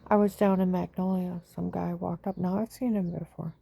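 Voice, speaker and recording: A woman with a dark, gravelly voice sitting low in her range. She rambles on in an agitated monologue, jumping from loud outbursts to hushed whispers, and the sound is dry and close. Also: level tone, normal speed, no echo. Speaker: vlogger.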